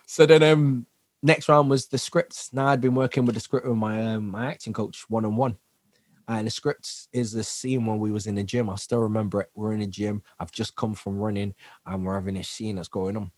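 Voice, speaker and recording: A man guest on a podcast, telling lively stories, acting out what people said and laughing often. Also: on the low side, normal speed, no room sound. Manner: animated storyteller who acts out quotes and laughs often. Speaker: guest, dancer, singer and actor. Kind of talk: casual interview chat.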